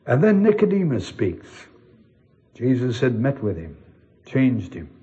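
A pastor delivers a sermon in an earnest, expressive voice, pressing his congregation with direct questions. His voice sits at an ordinary middle pitch for a man. The recording is dull and lo-fi. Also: unhurried.

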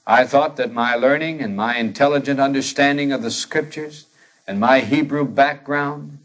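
A man's voice: mid-range voice, normal speed. A man preaching an expository sermon in an earnest, conversational way, rising to emphatic lines when he quotes scripture. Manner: conversational with fillers and restarts.

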